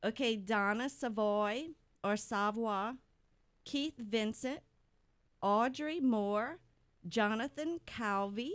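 A woman's voice: fairly high pitch, slow pace. A middle-aged woman, hosting a casual radio birthday segment and laughing at her own slips. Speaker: radio host reading birthdays.

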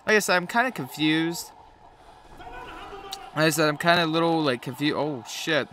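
A man's voice: on the high side, animated, moderate pace, pushed and bright, slight background noise. A man with a cold giving profane, joking play-by-play commentary while playing a game. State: has a cold. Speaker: gamer commentator.

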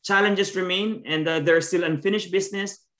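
A man from the Philippines, giving an academic talk as a discussant over a video call, measured and full of fillers and restarts. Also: high voice, steady tone, bright, forceful tone. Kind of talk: academic lecture. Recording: roomy, echoey video-call audio.

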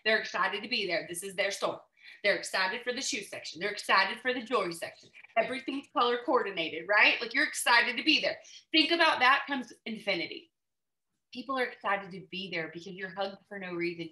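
A bright, forceful woman talks to her team over a video call. She keeps the energy high and checks in with "right?" after every few lines. The sound is echoey, as if she is in a bare room. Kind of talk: motivational call talk.

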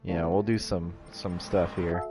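A man streaming a racing game, chatting casually with viewers and bursting into excited race calls. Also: sits low, normal speed, over music. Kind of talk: casual livestream chat with race commentary. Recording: game sound in the background.

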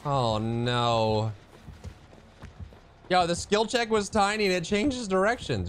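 A man commentating his own gameplay, excitable and teasing, swinging from quiet mutters to sudden shouts. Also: sits high, takes it slowly, pauses often, faint music behind. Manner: banters with the opponent, teasing.

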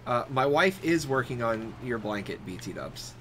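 A man's voice: medium pitch, lively intonation, normal speed, fairly bright tone, slight background noise. A man chatting casually with a friend while playing a game online, joking and laughing often. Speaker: gamer streamer. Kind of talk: casual chat while gaming.

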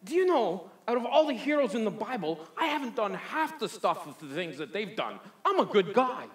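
A man's voice: sing-song, normal speed. A pastor putting on a gushing old man with a mock Newfie lilt. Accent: mock Newfoundland. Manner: loud, gushing, high-pitched. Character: excitable older man from the congregation with a put-on Newfoundland-style lilt.

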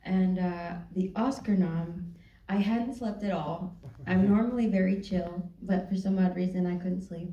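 A woman guest telling a lively story in an onstage conversation in a theater, often laughing. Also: lowish voice, unhurried, muffled recording. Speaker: actress guest. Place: theater stage, roomy hall. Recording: echoey theater, distant mic.

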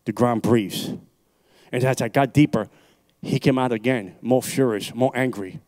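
An impassioned male evangelist from New York City gives his testimony at a church service, speaking into a handheld mic. He hammers home his points by repeating phrases and swings between loud urgent peaks and low, hushed stretches, at a middling pitch. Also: normal speed. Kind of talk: preaching a personal testimony. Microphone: handheld microphone.

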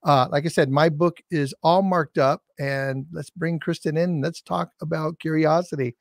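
A man's voice: a little high, steady tone, moderate pace, vocal fry, dry recording, studio quality. A man hosting a casual interview podcast, talking enthusiastically with plenty of restarts. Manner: enthusiastic, with many fillers and restarts. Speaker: podcast host.

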